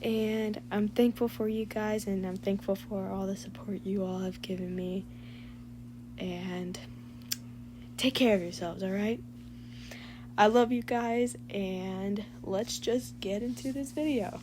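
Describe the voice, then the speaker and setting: A woman's voice: mid-range voice, fairly even intonation, slow pace, darkish tone, breathy edge. A young woman who makes fan voice-overs, chatting casually with her viewers in a gushing, emotional, rambling way. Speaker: fan voice-over creator.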